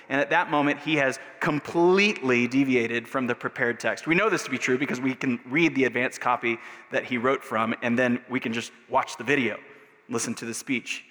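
Pastor guy preaching, bright voice, chatty with lots of uhs, big echoey church. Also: mid-range voice, moderate pace. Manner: conversational preaching with fillers. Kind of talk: sermon. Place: church sanctuary. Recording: long reverb of a church hall.

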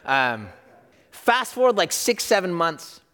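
During a church service sermon, a middle-aged man tells a story, animatedly acting out the people he quotes. His voice is high-pitched and slow, carrying the long reverb of a large hall.

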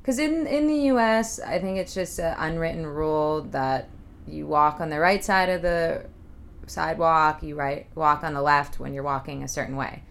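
A woman's voice: sits low, moderate pace, vocal fry. A woman from the United States co-hosting a podcast, chatting casually and often saying "like". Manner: chatty, lots of "like" fillers. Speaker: podcast co-host. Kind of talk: casual chat.

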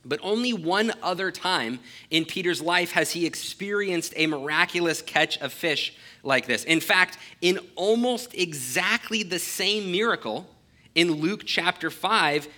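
A man with a bright, forceful voice, pitched a little above most men, preaches an earnest sermon. He reads scripture aloud, then explains it, leaning on key phrases and slowing down to stress them. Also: expressive.

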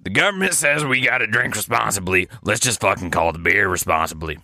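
A man puts on a drunk beer company boss who rambles, swears and keeps apologizing. His voice is low and gravelly with a sharp, bright edge, and the sound is dry and close. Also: a little fast, no echo. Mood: rambling. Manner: rambling, apologetic, swearing, clears throat often. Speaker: podcast co-host doing improv. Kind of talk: improvised comedy character.

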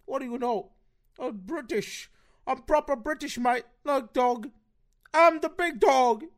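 A man's voice: extremely high pitch, a little slow, voice pushed up. A man voicing a brash, boastful Cockney bloke in a mock Cockney accent, swaggering and tacking "mate" onto every line. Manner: swaggering, repeats "mate", insulting.

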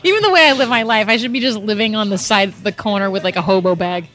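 A woman's voice: medium pitch, fast, fairly bright tone. A woman in casual podcast chat who laughs often, swears playfully and pokes fun at herself.

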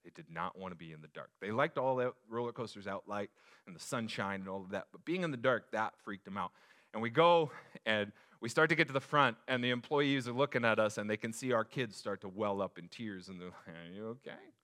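A man in his thirties, a pastor preaching a sermon, telling a family story with lively acted-out voices. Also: lowish voice, fairly quick. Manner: animated storyteller, acts out voices. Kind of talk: sermon with personal stories.

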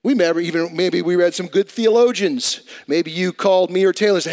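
A man, talking to the congregation like he's chatting with them. He jumps from loud, pleading lines to hushed, low asides. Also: fairly quick. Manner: conversational preaching with dramatic swings in volume and pitch. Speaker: pastor. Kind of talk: sermon.

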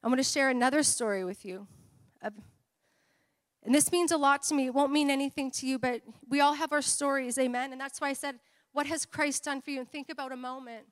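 A woman's voice: high-pitched, steady tone, a little fast. A woman preaching a sermon, telling personal stories and drawing amens from the congregation. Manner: personal storytelling with call-and-response amens. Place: church hall. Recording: long hall reverb.

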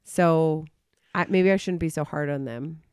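A woman co-hosting a casual podcast, her voice sitting fairly low for a woman. She talks in an opinionated, animated way and laughs easily. The recording is dry and close. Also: measured pace, clear, resonant tone, no room sound. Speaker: podcast co-host. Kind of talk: casual chat reviewing an old radio show.

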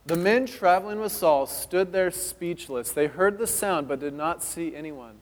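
A man from California preaching a sermon in a church, reading Scripture aloud and breaking off for quick conversational asides. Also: a little high. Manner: fast-talking, conversational asides while reading. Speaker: pastor. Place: church sanctuary. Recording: long hall reverb.

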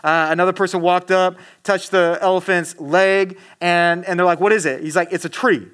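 Man, high voice, casual preacher, chatty and animated with fillers; talks right to the audience. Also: normal speed, clean tone. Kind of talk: casual sermon.

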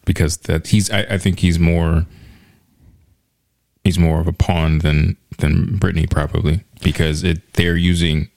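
A man with a very low voice and a gravelly rasp, chatting casually. He is laid-back and joking, often dropping in quick remarks as he talks. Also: flat delivery, darkish tone, no room sound. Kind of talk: casual chat.

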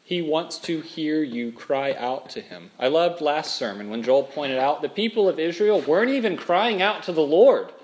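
Animated, slightly high-voiced male pastor. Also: normal speed, few pauses. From Minnesota. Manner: animated storytelling with dramatic emphasis. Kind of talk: sermon.

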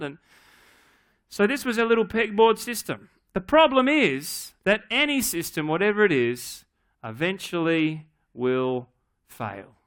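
A middle-aged man preaching a sermon, telling a family story in a relaxed, humorous, conversational way. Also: high voice, unhurried, smooth. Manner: acts out his daughter's voice in quotes. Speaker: pastor.

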